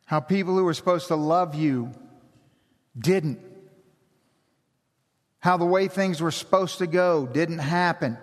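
A man preaching a sermon as pastor, slow and emphatic, building intensity. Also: fairly high pitch. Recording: long hall reverb.

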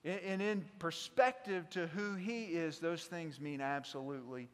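A man with a South Mississippi drawl preaches with a fairly high voice. He surges loud and then drops to near hush. The sound rings with a long church-hall reverb. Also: unhurried. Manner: impassioned preaching, swinging from loud to hushed. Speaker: pastor. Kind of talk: sermon.

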